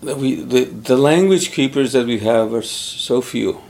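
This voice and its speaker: Brief: middle-aged man, gravelly, unhurried, thoughtful interviewee. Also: mid-range voice, darkish tone. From Pimicikamak Cree Nation, Canada. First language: Cree. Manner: measured, thoughtful, pauses often to find words. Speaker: interviewee, former Cree teacher. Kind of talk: conversational interview.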